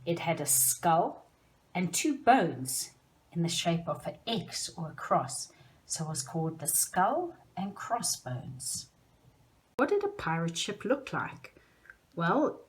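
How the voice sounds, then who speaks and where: A woman's voice: fairly low pitch, very animated, slow. A woman teaching young children, speaking to them directly in a sing-song way.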